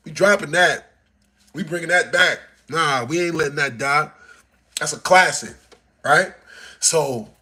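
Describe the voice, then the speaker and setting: Animated man telling stories on a livestream. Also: husky. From Texas. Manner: animated, swings between mumbling low and loud excited bursts. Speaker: livestream host. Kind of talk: casual storytelling livestream. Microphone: phone.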